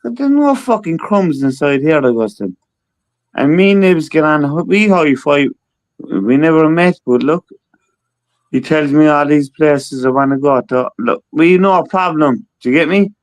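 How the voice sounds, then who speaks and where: A man rambles on in casual chat, circling back to the same points and swearing as he goes. His voice sits a bit high for a man. The sound is dry and close. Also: animated, measured pace, dry recording, poor audio. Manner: rambling, repetitive, swears freely.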